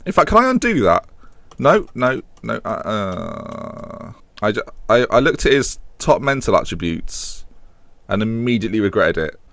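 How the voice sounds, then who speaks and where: A young British man talks through a management game in a low voice, close to the mic in a dry room. He rambles casually and mocks his own choices. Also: sing-song, normal speed, gravelly, a bit bright, dry recording. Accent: British English. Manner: self-mocking, chatty, puts on silly high voices for imagined characters. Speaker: gaming YouTuber.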